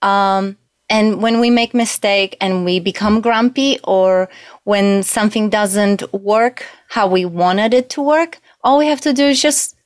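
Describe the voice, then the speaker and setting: A woman guest speaking earnestly, pausing with ums. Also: mid-range voice, no room sound, clean studio sound. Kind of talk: casual talk on a show.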